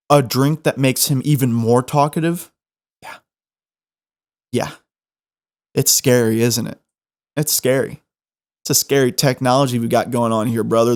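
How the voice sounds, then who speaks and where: A young man hosting a podcast, telling a funny story in an animated, self-mocking way. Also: mid-range voice, unhurried, long pauses. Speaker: podcast host. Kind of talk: comedic storytelling.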